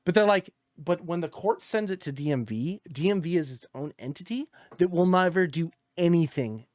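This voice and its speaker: On a gaming podcast, this co-host recounts a story with exasperation and plenty of profanity, lowering his voice to quote other people. The casual chat is recorded cleanly in a studio, free of echo.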